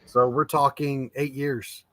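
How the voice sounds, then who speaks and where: A man's voice: mid-range voice, level tone, slow, heavy background noise. A man co-hosting a podcast, cutting in with short, blunt remarks. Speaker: podcast co-host. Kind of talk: casual podcast discussion.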